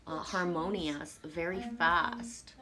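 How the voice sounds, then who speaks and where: A woman on a live stream at home, reading viewer comments aloud and answering them in a relaxed, rambling way with frequent fillers and soft laughs. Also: on the low side, slow pace, a crowd in the background. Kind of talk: casual live-stream chat.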